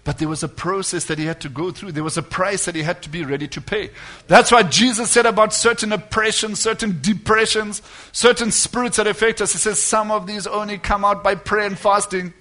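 Bright-voiced emphatic male preacher. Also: high voice, brisk. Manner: emphatic, rising to loud declarations and dropping to quiet asides. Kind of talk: sermon.

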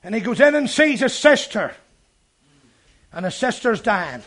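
A man delivers a fervent sermon in a very high voice. He carries the story along, then breaks into loud shouts. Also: sing-song, measured pace. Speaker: preacher.

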